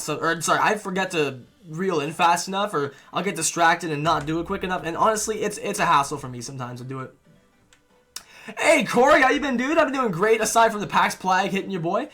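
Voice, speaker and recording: Bright-voiced young man streamer. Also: sits high. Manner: laid-back, chatty, calls viewers dude and man. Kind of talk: casual live-stream chat reading viewer messages.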